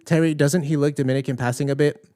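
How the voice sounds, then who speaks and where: A man with a fairly high, clear, resonant voice talks fast while hosting a livestream podcast. Relaxed and conversational, he reads out viewer comments and thinks aloud, using many fillers.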